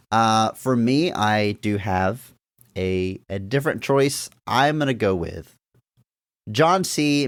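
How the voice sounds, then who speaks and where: Low-voiced podcast man, dry and close. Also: no room sound. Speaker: podcast co-host. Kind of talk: casual chat.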